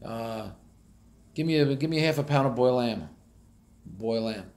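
A man's voice: mid-range voice, animated, normal speed, a little mellow. A man with a heavy North Jersey accent telling blunt, matter-of-fact stories in a casual monologue, recorded near a street. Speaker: vlogger.

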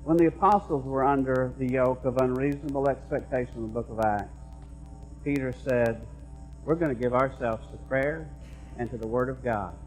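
A middle-aged man preaching a sermon as pastor, moving between quiet conversational asides and loud, emphatic repeated lines. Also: mid-range voice, moderate pace, faint music behind, poor audio. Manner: conversational preaching that swings from hushed asides to raised emphatic repetition.

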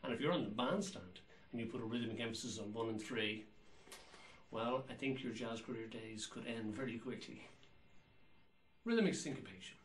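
A man's voice: mid-range voice, moderate pace, a little hiss or hum, rough recording. A man teaching jazz rhythm, explaining patiently and counting beats and scatting rhythms aloud. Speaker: drum teacher. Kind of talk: instructional explanation.

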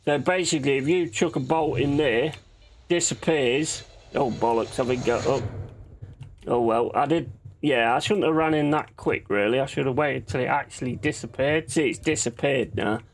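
A man's voice: medium pitch, normal speed. A man hosting his own gaming channel, chatting casually and swearing freely as he plays. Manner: chatty, sweary, laughs easily. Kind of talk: casual gameplay commentary.

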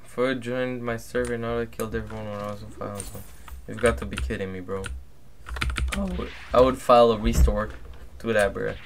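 A man's voice: fairly even intonation, brisk, a little hiss or hum. Laid-back young man streaming a game. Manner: laid-back and low-key, flares up loud and angry at opponents. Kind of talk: casual livestream gameplay commentary.

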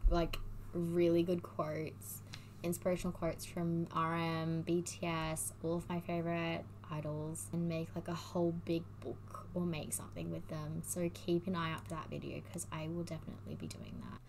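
A young woman, chatting casually as she reads quiz questions aloud, gushing and excitable, sometimes humming bits of songs. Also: on the low side, a little hiss or hum. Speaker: vlogger doing online quizzes.

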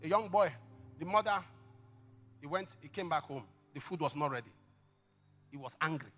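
A middle-aged male pastor preaching a sermon, telling stories dramatically with sudden shouts and hushed asides. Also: on the high side, expressive, moderate pace, soft background music. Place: church service.

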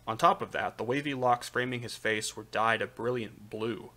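A man reading a light novel aloud on a live stream, steady narration with occasional slips. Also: mid-range voice, moderate pace.

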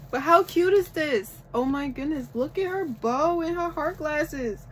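A woman vlogging a shopping haul from home in casual chat, gushing and excitable over each item. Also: sits high, a little slow, hardly any pauses, slight background noise, rough recording. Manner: gushing, excitable, repeats "oh my goodness".

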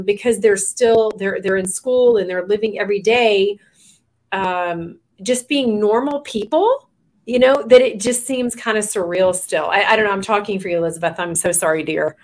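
A woman talking casually as an interview guest about her daughters, chatty and giggly. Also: medium pitch. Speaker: guest, mother of the singers. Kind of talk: casual chat.

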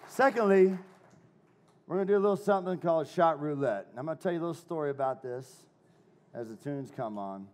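Loud joking guy chef running a live demo, high voice, cusses a lot, pumps up the crowd. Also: a little fast. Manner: brash, joking, swearing, hyping up the crowd.

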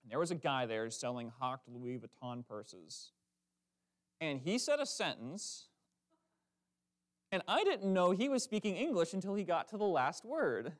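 A man preaching a lively, conversational sermon in a church, with quick asides and self-corrections. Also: a little high. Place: church sanctuary.

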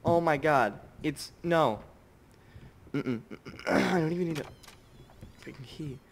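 A man's voice: a little high, slow. A young man commentating a horror game playthrough, who swears constantly, gets startled easily and drops to whispers when scared. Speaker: gamer. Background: game music.

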